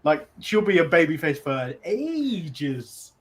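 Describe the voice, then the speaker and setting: A man with a slightly raised voice co-hosting a casual podcast. He asks quick questions and teases his partner. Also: on the high side. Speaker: podcast co-host. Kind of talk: casual chat.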